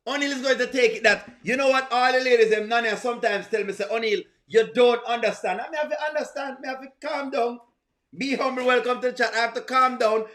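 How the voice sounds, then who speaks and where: Hosting a live reaction stream from an echoey room, a man with a Jamaican accent greets viewers in the chat and pokes fun at them. He speaks with an extremely high pitch and a fairly bright tone.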